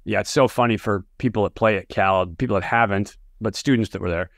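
A man's voice: fairly low pitch, a little fast, no room sound, studio quality. A man hosting a sports podcast, chatty and telling stories as he interviews a coach. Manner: chatty storyteller, animated when telling a tale. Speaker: podcast host and analyst. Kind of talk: casual interview with anecdotes.

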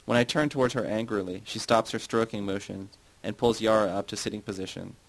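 A man reading a novel aloud in a measured, plain audiobook narration. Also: fairly low pitch, steady tone, creaky, poor audio. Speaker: audiobook reader.

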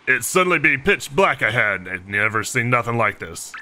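A man's voice: mid-range voice, very animated, moderate pace, sharp tone, a little hiss or hum, voice pushed down. A man growling as a Texan-drawled toad pirate. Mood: gruff. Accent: pirate drawl mixed with Texan. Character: gruff toad pirate captain, hearty and bold. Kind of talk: reading game dialogue aloud in voices.

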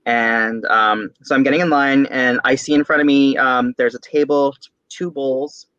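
Brief: young adult man, interview guest, bright tense voice, lively storyteller who laughs and mimics, slightly muffled dry audio. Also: medium pitch, normal speed, no room sound. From San Diego, California. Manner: animated storyteller, acts out voices, laughs often. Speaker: guest, tarot reader.

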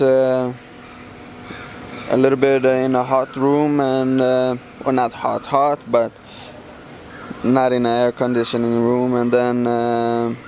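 A man who fights professionally speaks in a middle-range voice, answering questions in a relaxed, halting way full of fillers. A faint hum sits behind him. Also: mid-range voice. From Sweden. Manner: halting, many fillers and restarts. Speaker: MMA fighter, champion. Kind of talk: casual interview answers.

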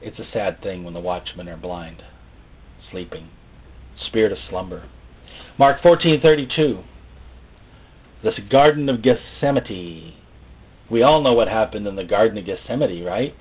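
A man preaching a sermon in a folksy, joking way, acting out little voices and rising suddenly to loud, high outbursts. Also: expressive, measured pace, pauses often, breathy edge. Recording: tinny phone-like sound.

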